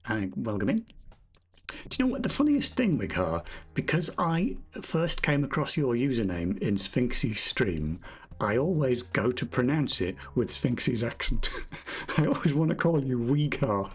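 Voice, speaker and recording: A man's voice: medium pitch, big pitch swings, normal speed, breathy edge. A man streaming his game development, thinking aloud as he codes, correcting himself and chatting with viewers in a jokey, self-deprecating way. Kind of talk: casual live-stream commentary while coding.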